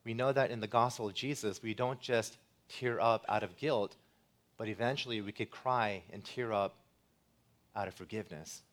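A man preaching a sermon as pastor, earnest and building to loud, emphatic passages. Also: on the low side, moderate pace.

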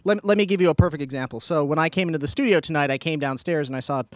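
A man's voice: a little high, rapid-fire, no echo. A man co-hosting a podcast in casual chat, explaining at length and chuckling often. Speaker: podcast co-host.

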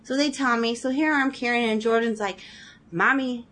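A woman in her thirties, a mother, casually telling a funny story about a mishap with a relaxed, laughing manner. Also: fairly high pitch, normal speed.

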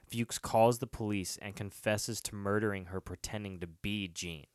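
A man's voice: low-pitched, no echo. Guy reading episode recaps and riffing, cussing a lot, dry close audio. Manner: reads episode summaries, swears casually, laughs often. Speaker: podcast host. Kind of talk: casual TV recap chat.

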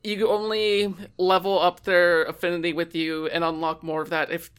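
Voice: mid-range voice, level tone, moderate pace, fairly bright tone, smooth. A speaker in a casual chat about video games, thoughtful and rambling.

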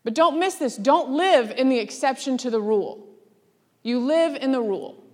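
A woman preaching a sermon in a lively, laughing way, acting out the voices she quotes. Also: sits high, moderate pace. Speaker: speaker. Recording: long hall reverb.

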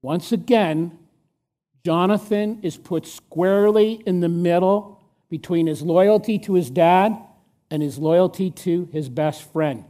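A man preaching a sermon, emphatic and asking the listeners rhetorical questions, sometimes dropping to a hush for stress. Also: high-pitched, measured pace.

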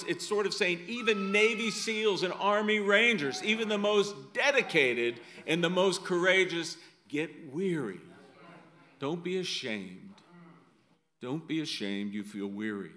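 A man's voice: on the high side, bright, forceful tone. A middle-aged male pastor preaching a sermon in a conversational way, often adding "right?" asides.

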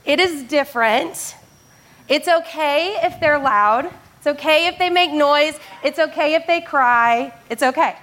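A woman's voice: sits high, unhurried, a bit bright. A woman teacher leading a family church service on stage, playful and laughing as she talks straight to the crowd. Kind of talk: lively family sermon talk.

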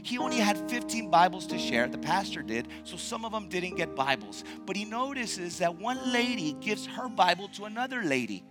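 A man pastor preaching a sermon to his church. He stresses key words by repeating them and moves between quiet, slow lines and loud, raised passages. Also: high-pitched, very animated, loud music behind the voice. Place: church sanctuary.

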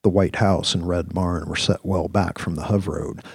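A male storyteller with a very low, husky voice reads a science-fiction audio drama in a measured, descriptive manner. The recording is close and dry, with no room sound. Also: fairly even intonation, no room sound. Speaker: narrator. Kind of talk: scripted audio-drama narration.

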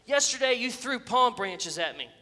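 A man voicing a proud, self-important male donkey who speaks crossly and shouts in a sermon illustration. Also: very high voice, sing-song, moderate pace, voice pushed up, heavily acted. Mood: indignant. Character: proud indignant male donkey, vain and huffy. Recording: echoey church hall.

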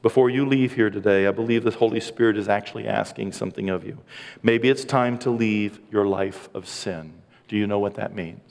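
A man's voice: lowish voice, brisk, creaky, a little mellow, in a large hall. A man in his sixties preaching as a pastor in a church, earnest and emotional, with self-deprecating asides. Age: 60s. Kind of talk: sermon. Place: church sanctuary.

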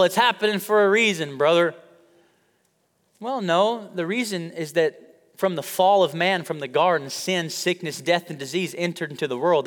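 Pastor guy preaching, kinda high voice, cracking jokes, big echoey church hall. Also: a bit bright. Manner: humorous, conversational preaching with audience call-outs. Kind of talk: sermon. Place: church sanctuary. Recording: long hall reverb.

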